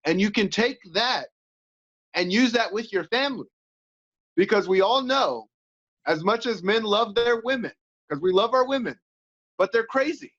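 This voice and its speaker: A man with a high voice talks as an interview guest, lively and animated, slipping into little acted-out voices. The audio is dull and lo-fi. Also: moderate pace, long pauses. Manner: animated, acts out inner voices with laughs. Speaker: podcast guest, coach and former fighter. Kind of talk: casual interview chat.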